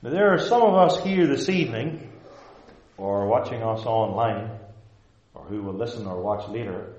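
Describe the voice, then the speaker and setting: A male pastor preaching a sermon to a live congregation in a measured, emphatic way, stressing short repeated phrases. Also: lowish voice, expressive, darkish tone, roomy sound, lo-fi sound. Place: church service before a live congregation.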